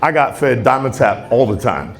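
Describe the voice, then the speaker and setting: A man's voice: mid-range voice, expressive, normal speed, gravelly. A man in his forties doing a rambling, self-deprecating stand-up set on a club stage, often chuckling at his own jokes. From Tacoma, Washington, USA. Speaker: stand-up comedian. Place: comedy club stage with laughing crowd. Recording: live club set with crowd laughter.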